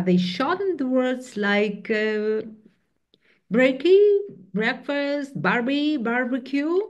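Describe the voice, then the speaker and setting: Slow, hesitant woman lecturer. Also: mid-range voice. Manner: hesitant, many fillers and restarts. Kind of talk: academic presentation on slides. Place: online training session.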